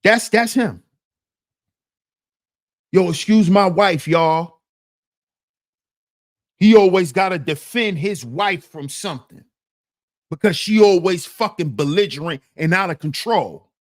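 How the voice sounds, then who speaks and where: A man's voice: high-pitched, expressive, moderate pace. A man hosting a commentary channel, talking in a casual, slang-heavy, emphatic way.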